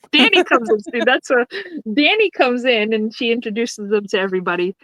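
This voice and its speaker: A woman's voice: fairly high pitch, lively intonation, normal speed, a bit bright, no room sound, low-quality recording. A woman co-hosting a podcast, retelling sitcom scenes in casual chat, laughing often and acting out the characters' lines. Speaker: podcast co-host.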